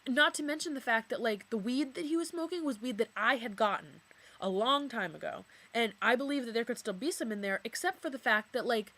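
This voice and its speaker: A young woman with a fairly high voice, venting to camera in a chatty, filler-heavy way. She says "like" constantly and swears when she gets worked up. It sounds like a personal vlog recorded in her bedroom. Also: fairly bright tone. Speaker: vlogger. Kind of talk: casual confessional storytelling to camera.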